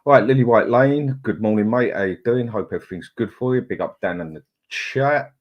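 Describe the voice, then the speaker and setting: A man's voice: mid-range voice, fairly quick, lo-fi sound. A middle-aged man, hosting a casual live chat, greeting viewers in a chatty, laid-back way. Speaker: livestream host.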